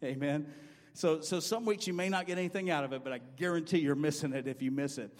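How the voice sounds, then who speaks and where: A male pastor preaching a sermon, telling stories with rising excitement and repeating "amen" and "I guarantee you" to his congregation. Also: fairly high pitch, fast. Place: church sanctuary. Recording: long church hall reverb.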